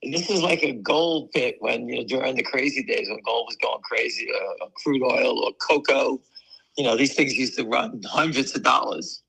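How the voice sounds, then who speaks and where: Man, hoarse, gravelly, bright edge, blunt market talk. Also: mid-range voice, normal speed, low-quality recording. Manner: blunt, dismissive of critics. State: hoarse, losing his voice from allergies. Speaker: stock market show co-host. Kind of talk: casual market talk with a co-host.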